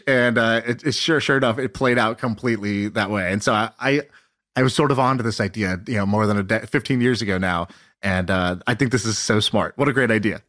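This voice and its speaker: A man in his thirties co-hosting a podcast, telling stories in an animated way and acting out quotes. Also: lowish voice, fairly quick. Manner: animated storyteller, laughs often, acts out quotes. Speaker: podcast co-host. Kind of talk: casual chat.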